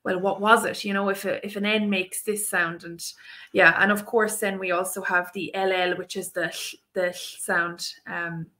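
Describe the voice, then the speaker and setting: A woman's voice: mid-range voice, flat delivery, moderate pace, bright, forceful tone. A woman with an Irish accent, co-hosting a live language Q&A and explaining grammar with many fillers and restarts. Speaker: Irish language teacher, co-host.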